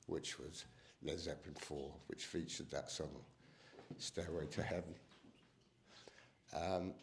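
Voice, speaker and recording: Emotional guy, lowish voice, halting memorial speech with lots of ums. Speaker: cousin giving a eulogy. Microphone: microphone.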